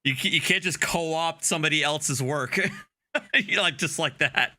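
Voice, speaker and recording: Very low-voiced woman interviewer. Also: normal speed, bright, forceful tone. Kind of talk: casual interview.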